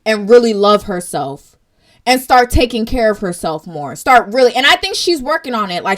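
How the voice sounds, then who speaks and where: A young woman, hosting her own vlog and speaking in an earnest, direct commentary style that turns tearful at times. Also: mid-range voice. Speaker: vlog host.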